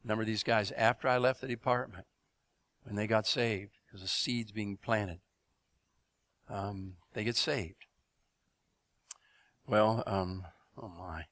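Middle-aged preacher guy, bright voice, animated storytelling, dry close mic. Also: lowish voice, slow pace, pauses often, no room sound. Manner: animated storyteller, laughs, asks audience. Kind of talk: testimony sermon.

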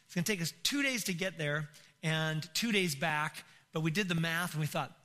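A middle-aged man, a pastor, telling a comic story in a sermon, animated and bursting into shouts. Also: on the high side, a little fast.

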